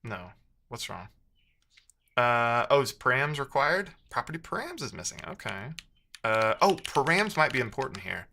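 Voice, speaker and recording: A man's voice: mid-range voice, sing-song, normal speed, vocal fry, pushed and bright, a little hiss or hum. A man streaming live as a programmer, thinking aloud while he codes and chatting with viewers, muttering to himself with playful asides.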